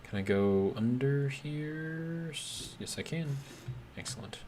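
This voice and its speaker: A man's voice: medium pitch, animated, slow, darkish tone, slight background noise. A man with a Midwestern American accent, chatting casually while streaming a game, rambling through bemused asides full of "like". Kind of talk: casual gameplay commentary.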